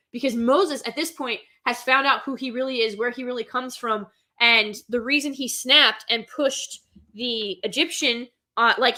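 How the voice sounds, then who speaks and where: A woman host chatting casually about a film she loves, gushing and excitable, with lots of filler words. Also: on the high side. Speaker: host reviewing an animated film. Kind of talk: casual chat.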